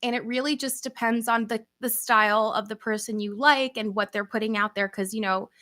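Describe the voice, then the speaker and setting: A young woman with a New York accent hosts a casual livestream Q&A and chats with viewers. Her voice is bright and sits a little high. She talks in an upbeat way and laughs often. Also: steady tone, a little fast, dry recording, studio quality. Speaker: channel host.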